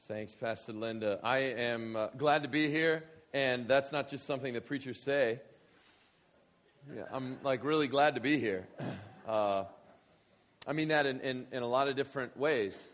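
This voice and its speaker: Male preacher, lively storyteller, bright voice, stumbles and restarts. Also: medium pitch, normal speed. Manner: animated, many restarts, builds to shouting. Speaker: guest preacher. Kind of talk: storytelling sermon.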